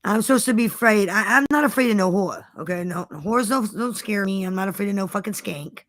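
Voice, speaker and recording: A woman's voice: medium pitch, fairly quick, fairly bright tone, no room sound. A woman guest telling a story in a defiant, profane way, repeating herself for emphasis. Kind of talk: casual storytelling.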